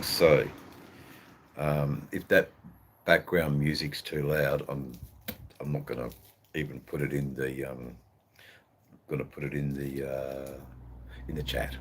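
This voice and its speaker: A man's voice: very deep voice, slight background noise. An Australian man hosting a livestream in casual chat, rambling and hesitant, swearing freely. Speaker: livestream host.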